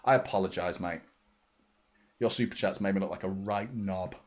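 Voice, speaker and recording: A man hosting a live football watchalong. He reacts excitably to the play, swears freely and chats with viewers' messages. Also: deep voice, normal speed. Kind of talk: live match watchalong commentary.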